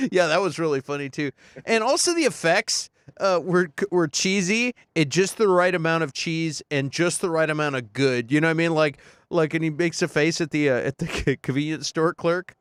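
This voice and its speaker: Guy with a high voice gushing about movies, dry close mic, lots of uh and laughing. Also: normal speed, clear, resonant tone, no echo. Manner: excited, laughing, many fillers. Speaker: podcast co-host. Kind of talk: casual chat.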